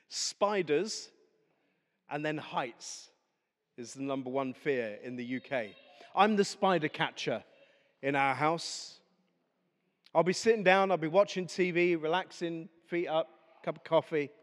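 A man preaching a chatty, humorous sermon, telling stories to a congregation. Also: a little high. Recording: echoey hall.

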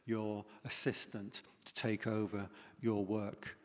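A male preacher voicing God with a low, hushed, calm and questioning voice. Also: slow. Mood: solemn. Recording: long reverb in a church hall.

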